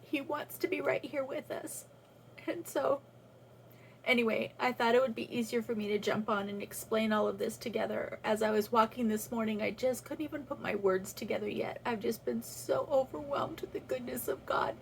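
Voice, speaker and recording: A woman's voice: a little high, steady tone, normal speed, gravelly, a little hiss or hum, low-quality recording. A woman talking through a personal faith reflection in a casual, earnest way, with restarts as she thinks aloud. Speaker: vlogger sharing a faith reflection.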